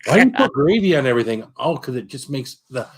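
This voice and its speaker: A man with a slightly husky voice chats casually, tossing in easygoing jokes and short replies. His pitch sits in the middle for a man. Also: sing-song, quick pace. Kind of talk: casual chat.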